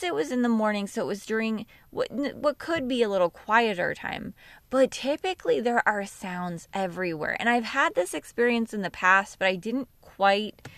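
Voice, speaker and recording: Sleepy woman musing slowly on a podcast. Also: mid-range voice, a bit bright, no echo. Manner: slow, musing, with laughs and self-corrections. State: sleepy, yawning. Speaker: podcast host and yoga teacher. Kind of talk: casual reflective monologue.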